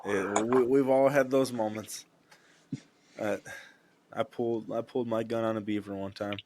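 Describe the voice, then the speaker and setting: A man's voice: on the low side, fairly even intonation, normal speed, heavy background noise. A man hosting a podcast, chatting casually and telling a short funny story of his own. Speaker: podcast host. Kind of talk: casual chat.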